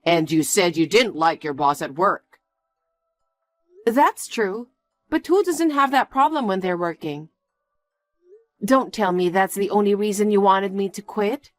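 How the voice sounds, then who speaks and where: A woman's voice: medium pitch, a little slow, pauses often, no room sound, soft background music, lightly acted. A woman voicing an earnest young engaged woman who pleads and questions in scripted story dialogue. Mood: upset. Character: young woman engaged, hurt but firm.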